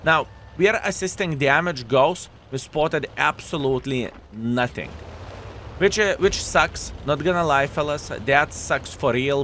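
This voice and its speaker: A man talks over his own tank match in a chatty, joking way, calling his viewers fellas and acting out the enemies' thoughts in quick asides. His English sits in a middle pitch, and faint game noise runs under it. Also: a bit bright. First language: Lithuanian. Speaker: gameplay commentator. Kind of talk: game commentary.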